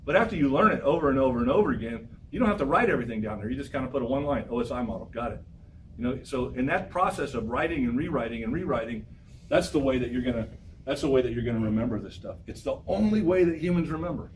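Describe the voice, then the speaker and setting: A man teaches a college class, urging his students on with lively, repetitive exhortations. He sounds distant from the microphone. Faint room noise hums behind him. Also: medium pitch, quick pace. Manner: energetic, exhorting, repeats phrases. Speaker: professor. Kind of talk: classroom lecture.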